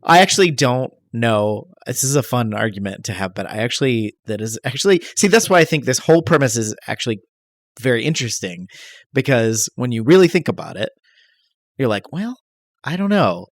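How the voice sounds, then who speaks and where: A man's voice: medium pitch, lively intonation, fairly quick, no room sound, studio quality. A man hosting a podcast, rambling jokingly about a movie and swearing casually. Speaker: podcast host. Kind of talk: casual movie-review chat.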